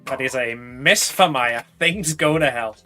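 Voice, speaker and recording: A woman's voice: very deep voice, unhurried, pushed and bright, faint music behind. A woman running a tabletop game as game master, narrating casually with many fillers and restarts.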